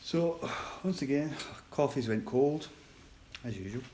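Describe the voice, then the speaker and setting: A man on a live stream, chatting casually and quietly to viewers during a break from his shift, rambling and poking fun at himself. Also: medium pitch, animated, unhurried, very noisy. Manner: rambling, chatty, self-deprecating; talking quietly. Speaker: livestreamer on a work break.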